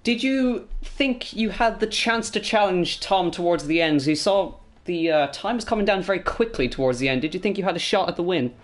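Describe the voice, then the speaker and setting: A man's voice: high-pitched, animated, moderate pace, hardly any pauses. A man hosting post-race esports interviews, hesitant with many ums and joking asides. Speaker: host and interviewer.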